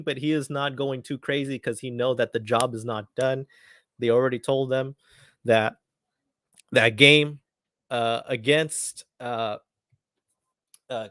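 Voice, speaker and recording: A man's voice: medium pitch, dry recording, studio quality. A man hosting a live football watchalong, reacting eagerly and chatting casually, often repeating his phrases. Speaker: watchalong host. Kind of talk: live match commentary watchalong.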